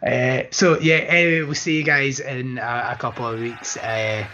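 A man's voice: mid-range voice, fairly even intonation, moderate pace, background noise. A man co-hosting a podcast in casual, joking, sweary chat. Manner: laid-back, joking, sweary. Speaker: podcast co-host. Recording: muffled lo-fi podcast audio.

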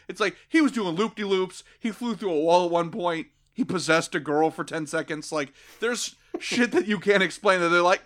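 Podcast co-host, man, sarcastic and crude, slightly higher voice, jokey recap delivery. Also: animated, moderate pace, a bit bright. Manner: sarcastic, profane, acts out quotes in jokey voices. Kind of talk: casual comedic recap chat.

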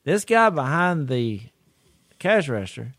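Man, middle-aged, folksy storyteller, lively pitch, dry close sound. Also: a little slow, no echo. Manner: folksy, animated, laughs through his stories. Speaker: podcast co-host. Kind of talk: casual storytelling chat.

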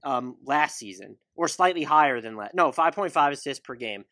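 A man's voice: mid-range voice, lively intonation, moderate pace, pushed and bright, no room sound, studio quality. A man in his thirties hosting a casual sports talk show, questioning his guest and reeling off stats. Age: 30s. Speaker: podcast host.

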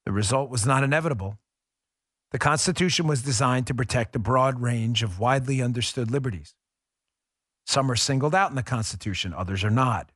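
A man's voice: medium pitch, a little fast, a bit bright, breathy edge, dry recording, clean studio sound. A man hosting a political podcast, delivering an angry, sarcastic commentary monologue with emphatic, repeated phrases. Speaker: podcast host.

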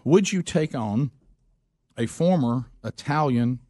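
A man's voice: medium pitch, animated, slow pace, warm tone, no room sound, studio quality. A man with a Southern US accent hosting a casual chat, telling stories in a rambling, folksy way and laughing often. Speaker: host.

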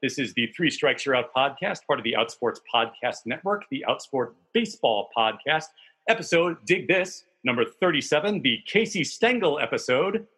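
A man hosts a casual baseball podcast, and his voice has a husky, breathy texture. He talks in a chatty, enthusiastic way and keeps things loose with the occasional swear word. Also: mid-range voice, lively intonation, normal speed, fairly bright tone. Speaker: podcast host.

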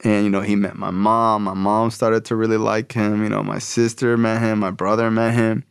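A man's voice: on the low side, flat delivery, normal speed, vocal fry, smooth, dry recording, clean studio sound. A man telling a story casually, loose and profane, full of slang fillers.

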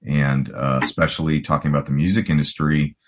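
A man's voice: rumbling low, steady tone, brisk. A man in his forties from the United States, a guest rock guitarist talking in a rambling, casual way full of "you know" and restarts. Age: 40s. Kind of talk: casual podcast conversation.

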